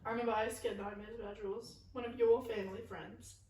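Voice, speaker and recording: A young woman co-hosting a casual podcast, talking in quick chatty bursts. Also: on the high side, level tone, darkish tone. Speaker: podcast co-host. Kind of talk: casual chat. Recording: echoey room, far from mic.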